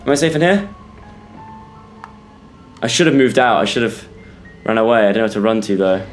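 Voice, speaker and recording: A man's voice: fairly low pitch, expressive, a little fast, faint music behind. A young British man commentating a horror game for viewers, jumpy and yelping when scared. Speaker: gaming YouTuber. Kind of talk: let's play commentary.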